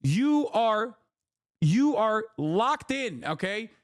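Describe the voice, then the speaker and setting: This political commentary streamer is very animated and draws out his words, his voice pitched slightly above the typical male range. He rants emphatically, swears freely, repeats himself and keeps saying "okay?" A close mic keeps the sound dry and echo-free.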